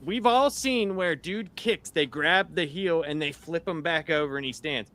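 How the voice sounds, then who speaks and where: A man chatting on a movie podcast panel, retelling his favorite fight scenes with excitement. His voice is bright and sits a bit high. He is animated and talks over the others. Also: unhurried, hardly any pauses. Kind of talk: casual panel chat.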